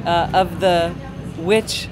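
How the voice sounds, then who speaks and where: A man at an outdoor premiere red carpet, talking about his role in a halting, hesitant way. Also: high voice, fairly even intonation, background noise. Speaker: actor. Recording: crowd chatter behind.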